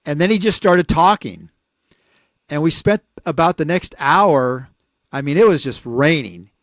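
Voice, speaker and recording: A man in his sixties, a podcast co-host telling a long story casually, rambling and animated, acting out what people said. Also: fairly high pitch, measured pace, no room sound, studio quality. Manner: rambling, animated, acts out quoted voices.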